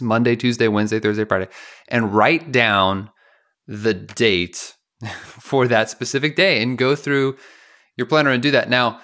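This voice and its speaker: A man's voice: medium pitch, fairly bright tone. A man co-hosting a podcast in casual chat, playful, laughing often and explaining things step by step. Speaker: podcast co-host.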